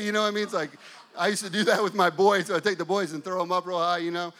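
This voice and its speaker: A man in his forties preaching with a high, ringing voice that stays bright and forceful. He tells his story with lots of energy and sometimes bursts into shouts while acting out scenes. His delivery is that of a pastor keeping a congregation hooked. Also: fast talker. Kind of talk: storytelling sermon.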